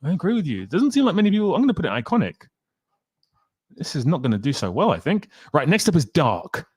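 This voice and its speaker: A man's voice: a little high, wildly swooping pitch, fast talker, darkish tone, husky, no echo, clean studio sound. A young man chatting casually on a live stream, reading out and reacting to viewers' comments with wry humor.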